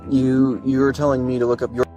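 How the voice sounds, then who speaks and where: A male police officer giving firm, measured commands on bodycam footage. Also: mid-range voice, monotone, music in the background, rough recording.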